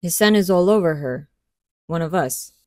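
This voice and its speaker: A woman voicing a suspicious male wolf soldier who probes gruffly. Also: fairly low pitch, lively intonation, normal speed, mellow, no echo, studio quality, natural voice.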